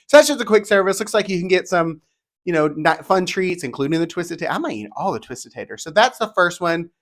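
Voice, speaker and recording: Male vlogger, upbeat and chatty, fairly high-pitched, rapid-fire delivery. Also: lively intonation. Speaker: theme park vlogger. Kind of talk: casual solo video talk, reading descriptions aloud.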